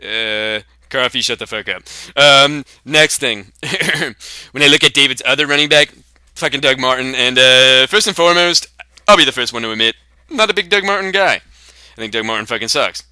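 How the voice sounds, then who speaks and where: A man's voice: mid-range voice, normal speed, sharp tone, clear, resonant tone, no room sound, studio quality. A young man hosting a comedy sketch, brashly boasting and swearing through profane trash talk.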